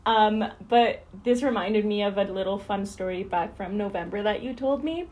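A woman's voice: medium pitch, a little mellow, lo-fi sound. A young woman co-hosting a podcast, giggly and teasing in casual chat. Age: young adult. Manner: giggly, teasing, quick to laugh. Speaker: podcast co-host.

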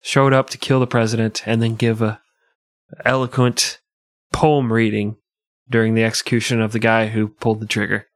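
A man's voice: on the low side, normal speed, no room sound, studio quality. A man co-hosting a comedy podcast, answering in a laughing, sarcastic banter. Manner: lively, laughing, sarcastic replies. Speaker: podcast co-host.

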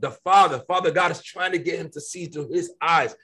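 Man, co-host, high-pitched and forceful, emphatic preacher-style Bible talk. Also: breathy edge. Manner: emphatic, preacherly, quick to stress points. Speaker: co-host of a faith discussion. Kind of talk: conversational Bible teaching.

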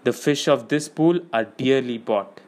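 A man's voice: mid-range voice, a little slow, a little mellow, close to an everyday voice. A man reading an audiobook, voicing a stern young male captain who speaks formally and solemnly.

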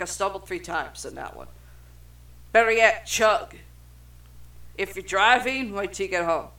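A young adult podcast co-host reads film trivia aloud at an unhurried pace, in a bright, clear-edged tone. The delivery is loose casual chat, peppered with swearing and stumbles over the script. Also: medium pitch. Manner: profane, stumbles over words while reading.

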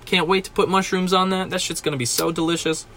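High-voiced profane ranting man. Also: steady tone, fast, bright, forceful tone, slight background noise. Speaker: podcast host. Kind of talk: solo ranting podcast. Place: small closet.

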